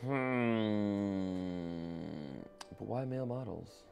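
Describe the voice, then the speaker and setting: A man's voice: mid-range voice, fairly even intonation, very slow, vocal fry, darkish tone, soft background music. A man chatting loosely to his viewers while playing a racing game, swearing and rambling in asides. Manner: loose, swearing, talks to chat. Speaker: streamer. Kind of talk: casual live-stream chat while racing.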